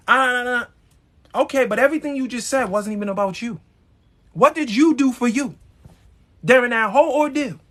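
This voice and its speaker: A man's voice: very high voice, normal speed, long pauses, a bit bright. A man hosting a live stream, giving a blunt, emphatic motivational talk straight to his viewers, with some profanity. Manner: addresses viewers directly.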